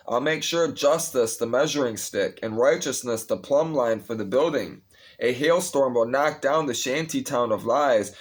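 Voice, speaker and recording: A man casually reading scripture aloud, breaking off with blunt, profane asides and restarting his phrases. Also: mid-range voice. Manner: restless, interrupts himself and restarts phrases. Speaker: Bible reader.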